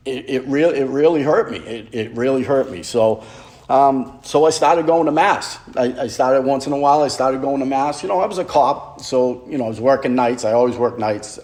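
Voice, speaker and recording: A middle-aged man gives a personal testimony at an ordinary mid pitch. He talks in a halting, heartfelt way and often stumbles and restarts his sentences. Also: a little mellow. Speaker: police officer giving a faith testimony. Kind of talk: personal testimony to a men's retreat.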